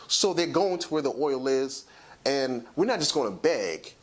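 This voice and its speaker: A man hosting a talk show, giving a lecturing, emphatic commentary and slowing down to stress his points. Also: mid-range voice, animated.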